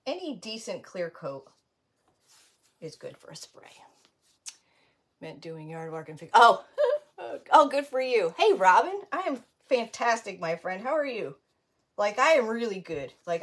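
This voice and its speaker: A woman hosting a casual crafting livestream, rambling and greeting viewers by name. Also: on the low side.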